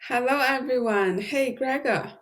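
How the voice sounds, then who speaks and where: A woman's voice: high-pitched, unhurried. A woman practicing German in a lesson, carefully repeating words after the teacher. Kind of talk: language lesson.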